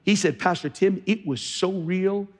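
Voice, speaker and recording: A man's voice: sits high, unhurried. Man preaching in a reverberant church. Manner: storytelling, quoting others, rising to fervent exhortation. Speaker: pastor. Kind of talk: sermon.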